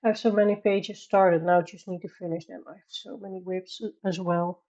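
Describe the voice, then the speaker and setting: A woman's voice: lowish voice, steady tone, a little fast, warm tone, muffled recording. A woman from the Netherlands with a Dutch accent, chatting casually on a coloring live stream, reading chat aloud and laughing often.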